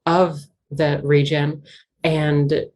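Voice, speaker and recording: A woman's voice: low-pitched, little pitch movement, drawn-out words, darkish tone. A young woman with a Southwest Virginia Appalachian accent, talking earnestly and at length as an interview guest, full of "like" fillers. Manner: rambling, earnest, heavy use of "like" fillers. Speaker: interview guest, banjo musician. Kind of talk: casual conversational interview.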